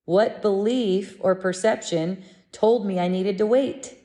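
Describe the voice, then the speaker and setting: A woman giving a gentle, meditative spiritual lesson, speaking in a soothing, unhurried way. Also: medium pitch. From living in Mexico. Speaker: spiritual teacher.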